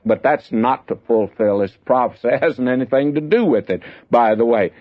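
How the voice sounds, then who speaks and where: A man's voice: medium pitch, expressive, normal speed, hardly any pauses. Older man teaching Scripture on radio. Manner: folksy, reads scripture with raised emphasis. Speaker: Bible teacher. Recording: dull lo-fi radio broadcast.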